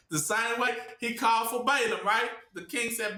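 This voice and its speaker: A man preaching informally, often pausing with "what?" for listeners to finish his sentences. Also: very high-pitched, bright, forceful tone, echoey room. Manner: asks the audience to fill in the word with "what?".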